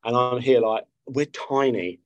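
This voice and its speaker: Man, casual interview chat, rambling, sweary, middle pitch, dry close sound. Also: measured pace, no room sound, highs cut off. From South London. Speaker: guest musician.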